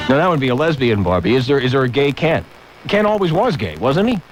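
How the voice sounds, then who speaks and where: A man hosting a talk radio show from a studio microphone, ranting with shouted mock outbursts. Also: mid-range voice, sing-song, fast, music in the background, rough recording.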